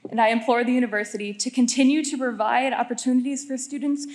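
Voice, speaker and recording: Young woman grad, higher voice, emotional but firm and declarative. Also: fairly even intonation, fast talker, darkish tone. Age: young adult. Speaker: graduating student. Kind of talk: graduation thank-you speech.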